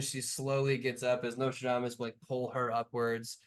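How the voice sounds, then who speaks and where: A man's voice: mid-range voice, little pitch movement, normal speed, smooth. A man running a tabletop game as game master, narrating loosely with lots of fillers.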